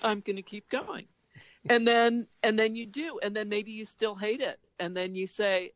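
Animated laughing woman, dull sound. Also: mid-range voice, normal speed, dry recording. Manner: animated, laughs often, acts out inner voices. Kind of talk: casual podcast chat.

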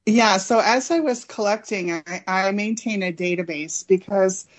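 A woman's voice: medium pitch, a little slow. Friendly woman guest, casual chat. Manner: friendly, slightly hesitant with frequent ums. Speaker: guest author and collector.

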